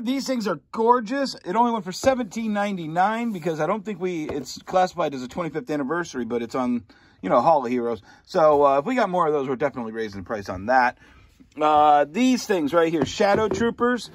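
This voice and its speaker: Lively high-voiced man reading shop sales. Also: no echo. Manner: chatty, reads off prices, stumbles over item names. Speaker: comic shop host reviewing sales. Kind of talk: casual sales rundown. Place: comic and collectibles shop.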